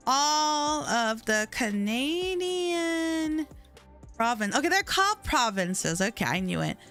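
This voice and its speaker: A young woman from the United States talks casually to her stream viewers. Her voice is high and bright, and she laughs easily and restarts her sentences. Soft music plays faintly underneath. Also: big pitch swings, slow. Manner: chatty, laughs often, trails off and restarts. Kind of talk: casual live-stream chat.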